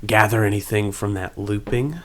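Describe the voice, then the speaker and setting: A man narrating as game master in a tabletop game, animated and rambling. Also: on the low side, normal speed.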